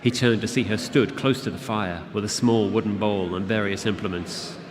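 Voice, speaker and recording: A man reading his fantasy novel aloud to an audience at a convention, in a steady, measured narration. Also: fairly low pitch, background noise. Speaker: author reading his book. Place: convention event room. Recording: long hall reverb with audience.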